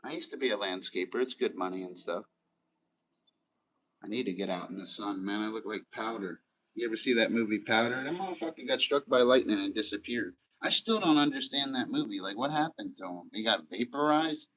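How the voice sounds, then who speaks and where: A man's voice: on the low side, brisk, fairly bright tone, rough recording. A middle-aged man chatting loosely on a live stream, swearing often and rambling between stories and replies to chat.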